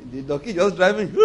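A man's voice: fairly high pitch, lo-fi sound. A man preaching a sermon in church, stressing key words and asking the congregation to answer "amen". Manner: emphatic, calls for congregation responses. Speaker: pastor.

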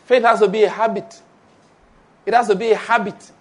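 Animated preacher man, high voice. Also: a little fast. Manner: animated, laughing asides, call-and-response with congregation. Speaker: pastor. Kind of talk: sermon.

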